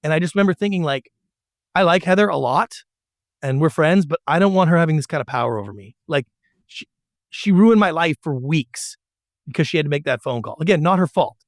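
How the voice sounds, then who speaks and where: A man's voice: a little high, brisk, dry recording, studio quality. A middle-aged man telling stories in an interview about his years as a TV producer and slipping into voices to act out what people said. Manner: animated storyteller who acts out quotes. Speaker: guest, former TV producer. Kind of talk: storytelling interview.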